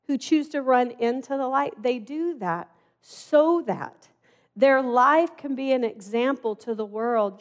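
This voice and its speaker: Middle-aged woman preacher, high-pitched, chatty storytelling sermon. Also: measured pace. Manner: conversational, animated storytelling with acted-out dialogue.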